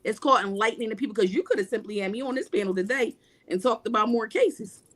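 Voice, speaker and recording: A woman's voice: on the high side, fast. A woman guest on a livestream panel, speaking emphatically about spirituality in casual, repetitive, preacher-like runs.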